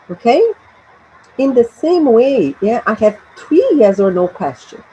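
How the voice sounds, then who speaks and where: A woman's voice: on the high side, sing-song, a little slow, dark tone, muffled recording, slight background noise. A Brazilian woman with a Portuguese accent teaching an English grammar lesson, drilling short phrases for students to repeat.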